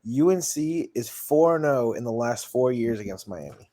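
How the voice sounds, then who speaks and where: A man's voice: medium pitch, expressive, normal speed, warm tone. A young man hosting a casual sports podcast, easygoing and laughing often as he asks for predictions. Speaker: podcast host leading picks.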